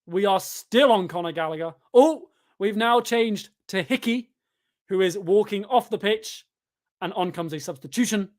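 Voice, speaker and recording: Exasperated young football fan. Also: male voice, high voice. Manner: sarcastic, exasperated mock commentary. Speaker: fan channel host. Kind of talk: live football watchalong chat.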